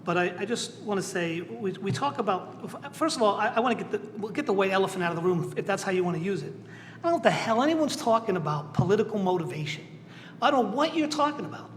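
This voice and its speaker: A man's voice: high voice, animated, quick pace. A middle-aged man with a Southern New England accent speaking as a city council member at a public meeting, emotional and blunt, repeating himself for emphasis. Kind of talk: impassioned speech at a public meeting. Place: large echoey meeting chamber. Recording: echoey council chamber with long reverb, faint noise.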